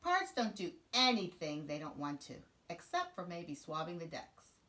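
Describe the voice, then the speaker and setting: A woman teacher reading a children's picture book aloud in an expressive, sing-song way. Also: lowish voice, normal speed. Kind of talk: children's storybook read-aloud.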